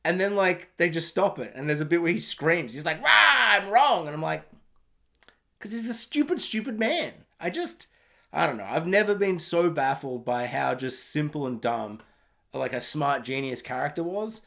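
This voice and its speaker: A man's voice: a little high, expressive, normal speed, a bit bright. A man giving a rambling, sarcastic film review rant, mocking and swearing freely.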